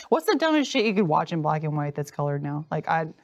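A young woman co-hosting a podcast in casual chat, expressive and laughing as she muses. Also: low voice. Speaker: podcast co-host.

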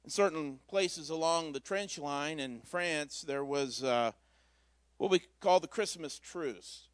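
High-pitched guy preaching in a church, folksy and chatty, dry sound. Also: slow, dry recording. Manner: conversational storytelling, folksy asides. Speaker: pastor. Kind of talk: sermon.

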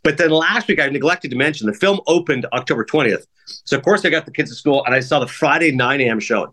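A man talks at a rapid clip in a slightly high voice, hosting a casual podcast chat. He tells stories with lively acted-out quotes. His delivery is animated and eager. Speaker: film critic and co-host.

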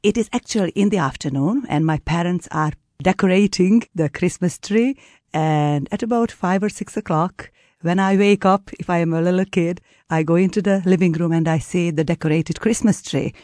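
An eager male tour guide with a Hungarian accent, explaining things step by step in a fairly high voice. The sound is close and dry. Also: moderate pace, a little mellow, no room sound.

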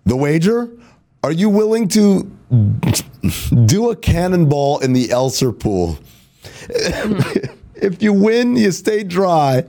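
A man's voice: high voice, big pitch swings, slow pace, pauses often, dark tone. A man hosting a sports talk show, laying out playful bets and teasing his co-host. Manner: playful, teasing, laughs often. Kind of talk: casual sports talk banter.

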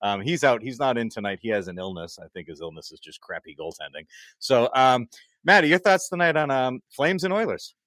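A man hosting a casual hockey podcast, animated and jokey, often laughing as he talks. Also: mid-range voice, a little fast, no echo, clean studio sound. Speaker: podcast host. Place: Massachusetts.

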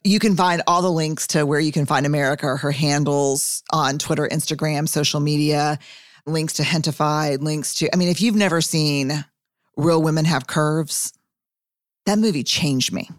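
Woman podcast host, low voice, casual, candid, unhurried when reflecting. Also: steady tone, no echo, clean studio sound. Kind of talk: conversational podcast hosting.

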